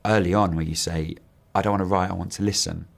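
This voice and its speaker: A man interviewing a guest in a relaxed way, often halting and repeating words as he asks questions. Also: low-pitched, gravelly. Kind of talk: casual interview.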